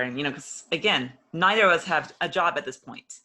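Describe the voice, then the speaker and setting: A woman's voice: lowish voice, expressive, quick pace, sharp tone. A woman telling her personal story in an interview, earnest and openly emotional, acting out old conversations as she goes. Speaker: interview guest.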